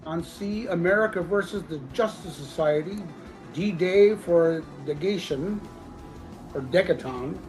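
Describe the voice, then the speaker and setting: A man running a live comic book auction, congested from a sinus infection, joking loosely and clearing his throat as he lists issues and prices. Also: high-pitched, a little slow, a little mellow, soft background music, poor audio. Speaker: auction seller.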